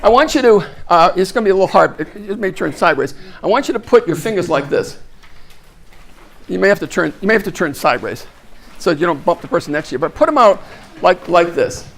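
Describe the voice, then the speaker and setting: A man's voice: high-pitched, animated, a little fast, fairly bright tone. A man giving a live motivational talk, energetically guiding the audience through an exercise and often repeating his phrases. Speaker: speaker leading an audience exercise.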